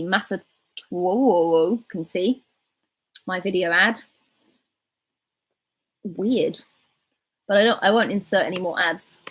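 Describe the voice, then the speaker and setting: Breathy twenty-something english girl, posh southern RP accent, rambly chatty livestream talk. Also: medium pitch. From England. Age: 20s. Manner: chatty, rambling, reads chat aloud. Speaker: livestreaming YouTuber. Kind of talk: casual chat reading live comments.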